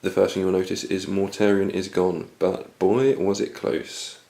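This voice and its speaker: A man recapping his turn in a tabletop wargame battle report, going hoarse as he loses his voice. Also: deep voice, moderate pace. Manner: steady recap of dice results. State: losing his voice. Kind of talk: casual battle report commentary.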